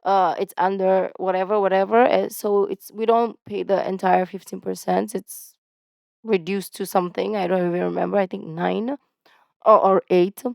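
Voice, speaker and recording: A woman from the Philippines, commenting casually and excitedly while reacting to a video. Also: mid-range voice, normal speed, gravelly, dry recording. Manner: chatty, exclamatory, lots of "like" fillers. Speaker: YouTube reactor.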